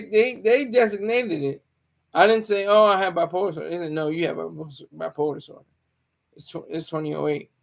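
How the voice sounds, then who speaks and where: Gravelly man rambling about taxes. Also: a little high. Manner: rambling, self-correcting, opinionated. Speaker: Marine Corps veteran. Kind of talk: casual monologue.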